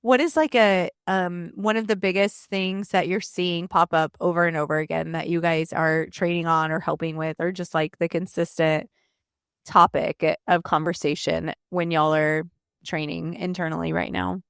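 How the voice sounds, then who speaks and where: Woman host, lower voice, smooth clear tone, casual relaxed podcast chat. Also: normal speed, no echo, studio quality. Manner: casual, relaxed, short affirmations. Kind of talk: podcast interview.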